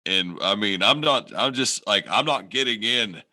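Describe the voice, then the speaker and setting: Deep-voiced man rambling on a podcast. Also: animated, moderate pace, sharp tone, no echo. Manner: rambling, swears a lot, restarts often. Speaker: podcast co-host. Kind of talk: casual chat.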